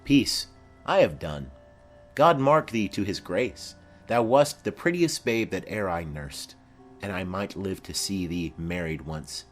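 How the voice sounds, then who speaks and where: A man's voice: low voice, animated, measured pace, soft background music. A man voicing a garrulous old woman nurse who chatters on in long rambling memories, in a dramatic reading of a play.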